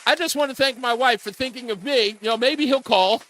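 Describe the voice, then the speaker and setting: A male talk radio host telling a funny personal story in a lively way, often raising his voice to quote people and laughing as he goes. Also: extremely high pitch, brisk, slight background noise.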